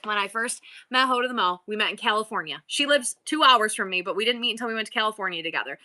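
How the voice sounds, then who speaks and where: Bubbly, bright-voiced woman livestream seller. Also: medium pitch, quick pace. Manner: bubbly, playful, exaggerated customer-service voice; rambling, jumps between topics. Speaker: online live-selling host. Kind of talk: casual livestream chat.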